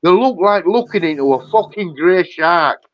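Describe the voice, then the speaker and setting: This livestream host is furious, cursing and repeating the same points over and over. He speaks high-pitched with lively intonation at a moderate pace, over some background noise, and the recording sounds dull, dry and lo-fi.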